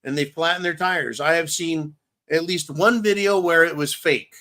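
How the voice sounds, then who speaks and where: A man's voice: fairly high pitch, moderate pace, pushed and bright. A man hosting a live-stream show, talking bluntly and profanely in a casual rant, a little tongue-tied after a couple of drinks. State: slightly tipsy, tongue-tied. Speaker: livestream host.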